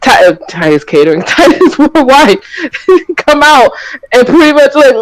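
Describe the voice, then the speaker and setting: A man's voice: extremely high pitch, sing-song, moderate pace, rough recording. A man co-hosting a casual wrestling podcast, talking in an exasperated, profane, rambling way. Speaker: podcast co-host.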